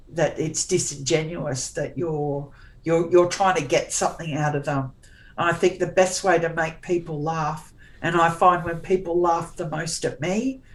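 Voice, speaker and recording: Low-voiced middle-aged woman being interviewed, blunt and sarcastic, restarts her sentences a lot. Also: poor audio. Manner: forthright, sarcastic, chatty with frequent restarts. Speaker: interview guest, author. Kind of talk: casual conversational interview.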